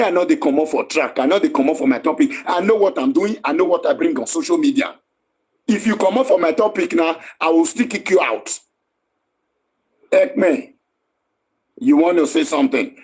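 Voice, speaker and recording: Heated Nigerian male stream host, raised husky voice, barks orders and repeats himself. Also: fairly high pitch, darkish tone. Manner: combative, scolding, repetitive. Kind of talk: heated live-stream argument.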